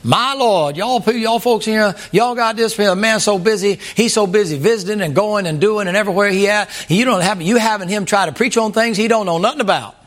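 A man's voice: high voice, brisk, hardly any pauses, a bit bright, voice pushed up. A man putting on an exasperated older preacher scolding a congregation, with an emphatic drawl.

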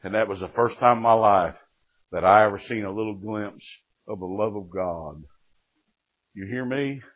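A man giving a folksy sermon testimony, rising to shouts and dropping to hushed storytelling. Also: lowish voice, steady tone, moderate pace. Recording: tinny phone-like recording.

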